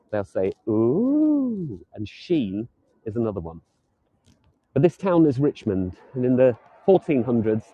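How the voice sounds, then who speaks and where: A man's voice: medium pitch, no room sound, dull audio. A man giving a live walking tour outdoors, chatting and joking lightly as he strolls the streets. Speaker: tour guide.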